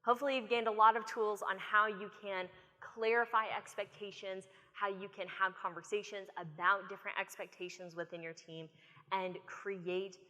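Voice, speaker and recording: An American woman speaker giving an animated, storytelling conference talk from a stage. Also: mid-range voice, moderate pace. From United States. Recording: long reverb of a conference hall.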